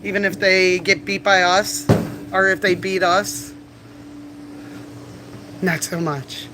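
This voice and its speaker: A woman's voice: mid-range voice, fairly even intonation, slow. A woman chatting casually on a livestream from a bar, rambling through stories with laughs and coughs. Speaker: livestreamer and bartender. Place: bar, indoors.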